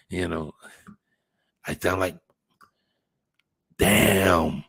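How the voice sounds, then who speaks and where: A man's voice: sits low, steady tone, a little slow, gravelly, breathy edge, dry recording. A man hosting a casual livestream, chatting with viewers in a rambling way, swearing now and then and thinking aloud. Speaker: channel host reading live chat.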